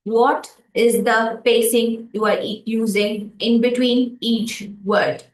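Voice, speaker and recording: A woman coaching speaking skills in a livestream lesson, repeating phrases slowly to demonstrate stress and pauses. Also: fairly high pitch, steady tone, reverberant, recorded from a distance, poor audio.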